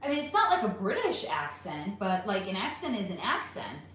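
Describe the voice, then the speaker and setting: A woman's voice: mid-range voice, wildly swooping pitch, moderate pace, a bit bright. A woman hosting a casual live stream, reading chat questions aloud and answering them frankly, with some swearing. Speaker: livestream host reading chat. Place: home room. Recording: roomy echo with faint ambient noise.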